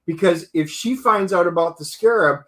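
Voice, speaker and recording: Male co-host, high-pitched, casual review chat, acts out quotes while recapping. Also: moderate pace. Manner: animated storytelling, acts out character quotes. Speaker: show co-host.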